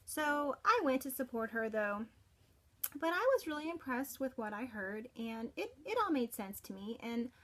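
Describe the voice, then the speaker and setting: Middle-aged woman, somewhat high voice, sincere unscripted testimonial with many false starts. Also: sing-song. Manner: earnest, halting, with frequent restarts. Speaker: parent giving a product testimonial. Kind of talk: personal testimonial.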